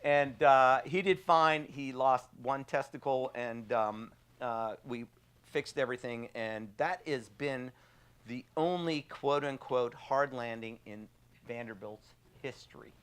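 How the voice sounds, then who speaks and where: A man's voice: mid-range voice, measured pace, smooth. A man, telling a story casually with many fillers and laughs. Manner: animated anecdote with frequent fillers and laughs. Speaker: trauma surgeon guest.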